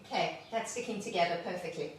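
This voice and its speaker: Woman rambling chattily while she cooks, sounds far off the mic in a boomy kitchen. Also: fast. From South Africa. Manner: chatty, rambling, laughs easily. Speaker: home cook hosting a cooking video. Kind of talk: casual cooking demonstration and chat. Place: home kitchen. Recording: echoey room, voice away from the mic.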